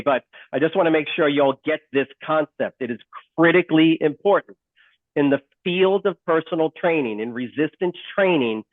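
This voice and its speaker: A male instructor giving a live online lesson. He is animated, keeps questioning the class and repeats key points slowly. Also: mid-range voice, no room sound. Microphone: video call. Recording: dry, phone-like call audio.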